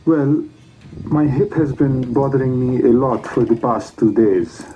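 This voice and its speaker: An actor playing an adult male patient with hip pain in a textbook listening dialogue, speaking in a low, quiet voice. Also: unhurried, muffled recording, a little hiss or hum, close to an everyday voice. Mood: subdued.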